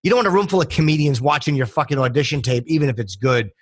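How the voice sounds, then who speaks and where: Blunt, self-deprecating man, slightly high voice. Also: animated, rapid-fire, slightly rough. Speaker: podcast guest. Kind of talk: casual chat.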